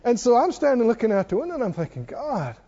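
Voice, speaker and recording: A man's voice: extremely high pitch, sing-song, racing, dark tone, lo-fi sound. A male pastor preaching a sermon, telling his story with animation and leading the congregation in call-and-response prayer.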